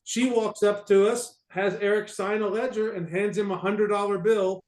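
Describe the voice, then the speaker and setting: A man telling a casual anecdote to an audience, halting and restarting with amusement. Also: sits high, fairly even intonation, a little mellow, echoey room. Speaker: storyteller on a panel.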